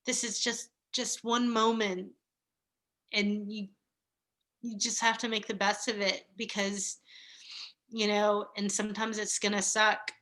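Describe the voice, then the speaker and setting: Woman in her thirties, unhurried and earnest, bright voice, gentle heartfelt conversation. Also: medium pitch. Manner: slow, reflective, with soft laughs and pauses. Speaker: guest. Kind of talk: casual heartfelt chat.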